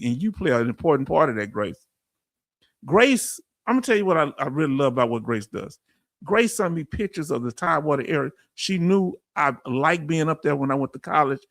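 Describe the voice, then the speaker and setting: A middle-aged man from Texas with a Southern accent, hosting a casual veterans' livestream and answering his chat in a folksy, animated way. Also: on the high side, no echo, clean studio sound.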